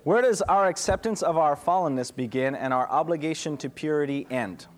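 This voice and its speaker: Slightly high-voiced man preaching. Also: animated, a little fast, slight background noise. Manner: conversational, checks in with "okay?". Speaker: pastor. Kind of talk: casual Q&A sermon.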